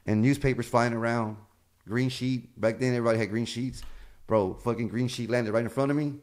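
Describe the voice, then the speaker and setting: Male comedian guest, rapid-fire storyteller, profane, acts out quoted voices. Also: mid-range voice. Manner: animated, acts out quoted dialogue, swears freely. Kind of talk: casual storytelling.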